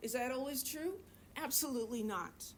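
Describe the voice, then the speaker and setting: Sitting high in pitch at a normal speed, this woman's voice carries a little hiss or hum. She's middle-aged, giving a chemistry lecture in a classroom, joking, chatting, and asking the students questions.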